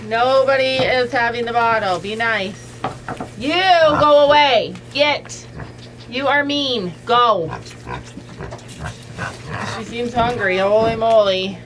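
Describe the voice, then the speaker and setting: A woman's voice: a little high, slow, long pauses, fairly bright tone, poor audio. A woman vlogging on her farm, chatting to viewers and coaxing her goats as she tends them. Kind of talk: casual vlog talk to camera. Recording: outdoor farm noise. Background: goats bleating.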